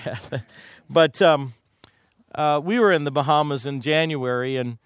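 In a dry recording, a Kansas man with a slightly high voice delivers a sermon with personal storytelling. His anecdotes are folksy, humorous and lively.

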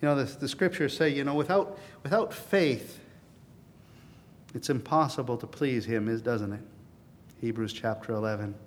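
In a big-sounding room with a little hiss or hum, a pastor delivers a sermon in a medium-pitched voice at normal speed. He is earnest, rising to emphatic peaks before easing into a softer, confiding tone.

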